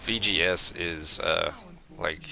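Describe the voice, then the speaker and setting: A young man explaining a game plainly and calmly while streaming it. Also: low-pitched, slow, vocal fry, a crowd in the background. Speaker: gaming streamer.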